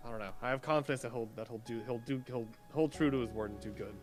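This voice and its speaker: A man's voice: medium pitch, quick pace, soft background music, close to an everyday voice. A man voicing a friendly, plainspoken adventurer who talks casually and reassuringly. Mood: easygoing.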